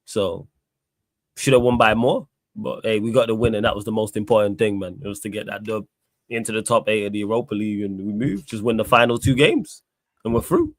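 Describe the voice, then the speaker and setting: A man talking football in casual banter, animated and defensive about his team. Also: lowish voice, fairly quick, dry recording, studio quality. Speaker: football pundit.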